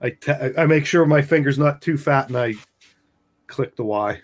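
An easygoing man playing a tabletop role-playing game at a mid pitch. He chats loosely and describes his character's moves. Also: moderate pace. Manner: easygoing, chatty. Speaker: player. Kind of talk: casual tabletop play.

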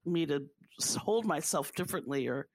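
A woman of Haitian background speaking earnestly and warmly about her faith in a conversation, repeating phrases for emphasis. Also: low voice, lively intonation, normal speed, dry recording. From Haitian family.

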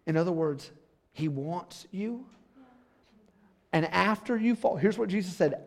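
A middle-aged male pastor preaching a sermon in a church, dropping to a hush and then building to shouts, laughing along with the congregation. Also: sits high, animated, unhurried, long pauses. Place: church sanctuary.

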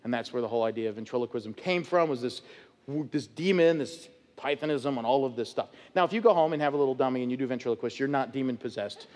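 A man preaching an expository sermon as pastor, animated and acting out voices of people in the story. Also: medium pitch, fast, long reverb tail. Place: church sanctuary.

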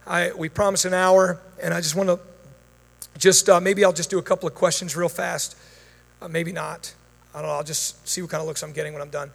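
A man's voice: a little high, level tone, fairly quick, gravelly. A man preaching and praying over a congregation, fervent and commanding in prayer, chatty in his asides. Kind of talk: sermon with prayer and Q&A. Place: church hall before a congregation. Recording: long reverb of a large hall.

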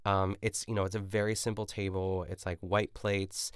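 A man hosting a podcast, casually recapping a cooking show in a rambling way, full of "like" and quick self-corrections. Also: low voice, flat delivery, clear, resonant tone, dry recording, studio quality. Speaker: podcast host.

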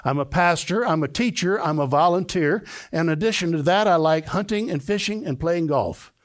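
An older male pastor delivers a sermon from a church sanctuary, his voice sitting a touch high for a man. He preaches with emphasis and often lifts into high, excited bursts. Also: moderate pace.

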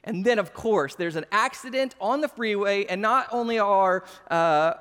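High-voiced pastor in a reverberant hall. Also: male voice, normal speed. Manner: animated, self-mocking humor. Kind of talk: sermon with personal storytelling. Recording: long reverb of a large hall.

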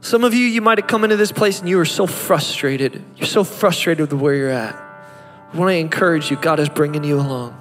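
High-voiced man preaching in a reverberant hall. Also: brisk, a bit bright. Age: 30s. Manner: impassioned, rising to fervent peaks. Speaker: pastor. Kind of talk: sermon. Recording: reverberant hall with music behind.

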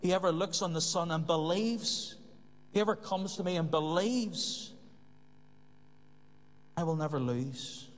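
A man's voice: fairly high pitch, takes it slowly, pauses often. A man preaching a sermon in an earnest way, repeating key phrases for emphasis. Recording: long hall reverb.

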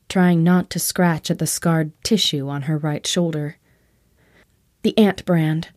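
A woman narrating a fantasy audiobook in a steady, even storytelling voice. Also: lowish voice, dry recording, studio quality.

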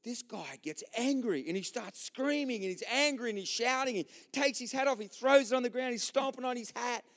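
Speaking briskly with hardly any pauses, this Australian-accented pastor has a very high voice. He delivers a lively, jokey sermon at a church service, addressing the congregation directly as he tells stories.

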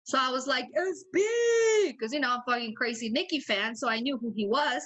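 Bright-voiced woman telling a wild story. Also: on the high side, fast, muffled recording. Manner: animated, swears a lot, acts out quotes. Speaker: podcast co-host. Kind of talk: casual storytelling chat.

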